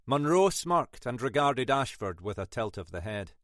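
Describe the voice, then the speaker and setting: Measured, slow male audiobook narrator. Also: animated, a bit bright, no echo, clean studio sound. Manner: low, measured, understated. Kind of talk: scripted narration.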